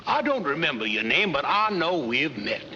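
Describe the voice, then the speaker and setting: Bright, lively pompous old-school colonel, florid and gallant, reverby dull film sound. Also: male voice, a little high, moderate pace, slight background noise, full character voice. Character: pompous, courtly Texan colonel, middle-aged gentleman. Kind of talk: 1940s film comedy acting.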